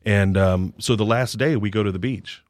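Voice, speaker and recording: A man's voice: lowish voice, moderate pace, no echo, studio quality. A man who leads a sports ministry, earnestly telling a story in an interview.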